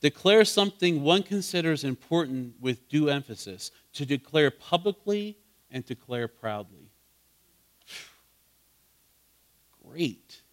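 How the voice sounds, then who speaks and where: A man's voice: a little high, animated, slow, long pauses. Conversational man preaching a Bible study. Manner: conversational, asks the group questions, builds to fervent emphasis. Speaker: pastor teaching a Bible study. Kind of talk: interactive sermon.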